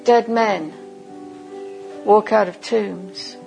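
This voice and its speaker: Slow gravelly woman preaching a story. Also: mid-range voice, steady tone, over music, rough recording. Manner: vivid second-person storytelling, slow and deliberate. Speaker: conference speaker. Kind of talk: sermon as guided imaginative storytelling.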